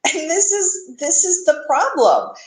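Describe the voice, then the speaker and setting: A woman's voice: very high voice, very animated, measured pace, echoey room, low-quality recording. A woman hosting a casual faith chat, talking in a chatty, self-mocking way with lots of restarts. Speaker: host.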